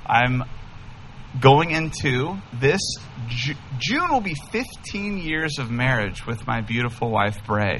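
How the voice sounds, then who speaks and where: A man's voice: medium pitch, slow, a little hiss or hum. Enthusiastic, funny pastor man. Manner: enthusiastic, humorous, animated. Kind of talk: casual storytelling sermon. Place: church sanctuary.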